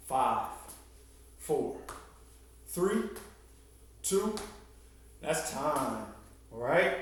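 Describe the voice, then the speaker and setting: A man's voice: medium pitch, sing-song, extremely slow, long pauses. A man teaching an elementary PE class, coaching a workout and counting down intervals, a little out of breath. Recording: echoey room, mic at a distance.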